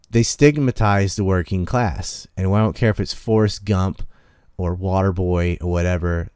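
A man talking bluntly and profanely in a casual, opinionated podcast chat, telling stories with animated asides. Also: sits low, smooth, dry recording, studio quality.

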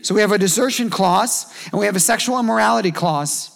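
A man's voice: high voice, quick pace, creaky, fairly bright tone. A man preaching a sermon in a conversational way, acting out short quoted voices along the way. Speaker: pastor.

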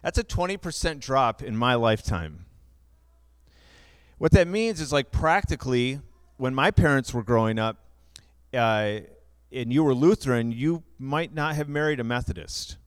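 A man's voice: medium pitch, expressive, normal speed, clear, resonant tone, no room sound. A younger man preaching a sermon, explaining figures in a conversational way with asides. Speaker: pastor.

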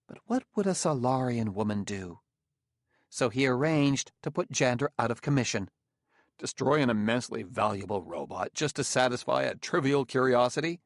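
A man's voice: medium pitch, no room sound, studio quality, lightly acted. A man voicing a proud, cold woman scientist with a sneering, imperious manner in an audiobook reading.

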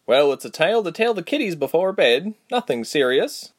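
A man's voice: on the high side, very animated, moderate pace, pitched above the performer's own voice. A man doing an easygoing young villager. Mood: matter-of-fact. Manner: plain, shrugging speech.

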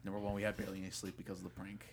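A man's voice: sits low, very fast, gravelly, crowd noise. A young man co-hosting a casual chat, telling a story with swearing and acted-out voices. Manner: animated, swearing, acts out voices in stories. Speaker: podcast co-host.

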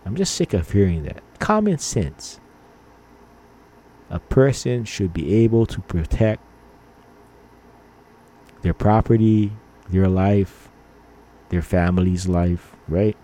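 A middle-aged man from Hawaii tells stories in a loose monologue. He rambles with fillers and punches out angry quoted lines. His voice sits low and sounds soft and dark. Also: lively intonation, slow, pauses often. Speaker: podcast host. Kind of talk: casual storytelling monologue.

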